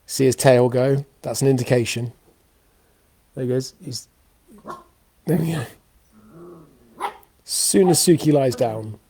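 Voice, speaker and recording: A man's voice: mid-range voice, slow pace, creaky, long pauses, mellow, husky. A man in his thirties hosting an unscripted live show from home, sounding exhausted and rambling with many fillers and restarts. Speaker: host of a weekly live show. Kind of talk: unscripted live-stream chat. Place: home, indoors. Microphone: webcam or computer mic for a live video.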